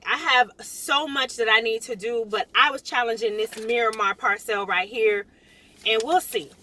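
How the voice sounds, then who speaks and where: A middle-aged woman realtor from South Florida, ranting in a vlog with emphatic, animated delivery and repeating lines for emphasis. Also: a little high, moderate pace. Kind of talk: impassioned vlog rant.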